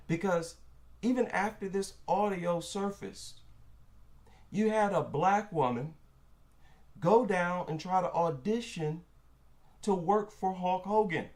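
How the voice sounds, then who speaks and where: A man's voice: high-pitched, darkish tone. A man giving opinion commentary in an emphatic, indignant way, repeating lines for stress.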